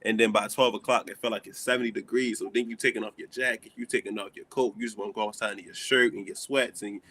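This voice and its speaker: A young man with a Southern American accent, hosting a casual chat and acting out stories with animated dialogue. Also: on the low side, fast talker, a little hiss or hum. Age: young adult. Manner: animated storytelling, acts out dialogue. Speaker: host.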